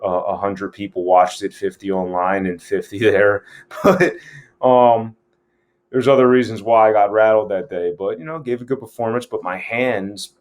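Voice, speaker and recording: A man's voice: fairly low pitch, fairly even intonation, normal speed. Frank, profane male acting coach. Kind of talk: scene breakdown lesson.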